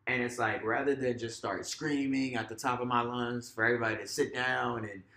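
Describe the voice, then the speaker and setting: A man, a teacher co-hosting a podcast, talking in a relaxed way full of "like" and "you know," sometimes acting out what he says in class. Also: medium pitch, a little fast, reverberant. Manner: relaxed, filler-heavy, acts out classroom voices. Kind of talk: casual conversational chat.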